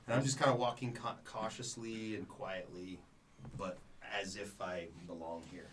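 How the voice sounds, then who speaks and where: A man with a lowish voice talks through his moves in a tabletop game, stopping and restarting as he thinks. He sits a little away from the mic, with faint ambience in the store around him. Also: steady tone, fairly bright tone, recorded from a distance, a little hiss or hum. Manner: halting, many fillers and restarts. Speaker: player. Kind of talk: casual tabletop play.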